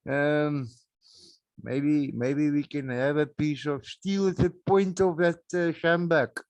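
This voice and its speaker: A South African man hosting a solo podcast, rambling and mocking, with sudden loud outbursts and laughs, on a backup microphone. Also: on the high side, steady tone, slow pace, no echo. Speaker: podcast host.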